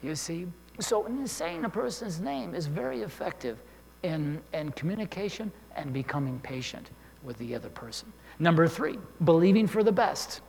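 A man's voice: on the high side, lively intonation, normal speed, gravelly, darkish tone. A man preaching a sermon in a conversational way, often checking in with listeners and restarting his sentences. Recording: long hall reverb with faint hum.

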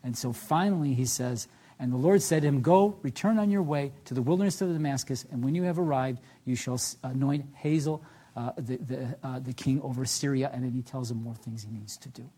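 A man preaching a sermon as pastor, reading scripture aloud with rising emphasis, then dropping low and soft to reflect on it. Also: fairly quick, breathy edge.

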